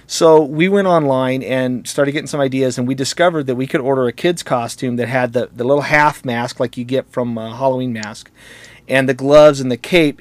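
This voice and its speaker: A man's voice: mid-range voice, dry recording. Chatty, joking man telling stories. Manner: jokey, rambling, laughs at his own stories. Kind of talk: casual conversational storytelling.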